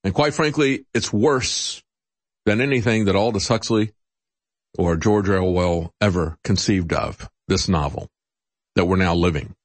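Speaking at a measured pace with no room sound, a male political talk show host gives sarcastic, opinionated commentary. He's animated and mocks those he quotes with put-on voices, his pitch climbing in the quotes.

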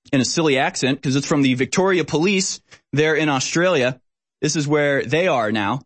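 Male commentary host, mid-pitched, sarcastic and emphatic delivery. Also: no echo. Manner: sarcastic, emphatic, mocking laughs. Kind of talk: political commentary show.

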